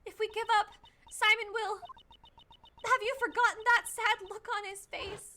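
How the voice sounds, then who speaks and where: A woman's voice: very high voice, fairly even intonation, normal speed, bright, forceful tone, pitched above the performer's own voice. A woman voicing a spirited, loyal young woman who urges her partner on in an emphatic, pleading way.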